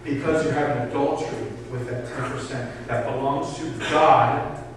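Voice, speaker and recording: A man preaching a sermon with passion, swinging between loud urging and hushed pleading. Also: medium pitch, normal speed, distant mic, slight background noise. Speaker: pastor. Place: church hall. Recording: echoey hall recorded from afar.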